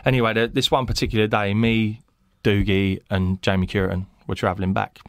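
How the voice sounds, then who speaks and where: Male podcast guest, deep and rough-edged, animated yarn-teller who voices his characters. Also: fairly quick, no room sound. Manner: animated storyteller, acts out quotes, laughs mid-story. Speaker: podcast guest, former footballer. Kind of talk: casual anecdote telling. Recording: dry close mic in small studio.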